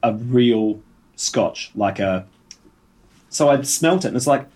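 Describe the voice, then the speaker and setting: A man co-hosting a casual podcast chat, telling a rambling anecdote with halting restarts. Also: mid-range voice, lively intonation, darkish tone. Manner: rambling storyteller, halting restarts, bursts of laughter. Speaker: podcast co-host.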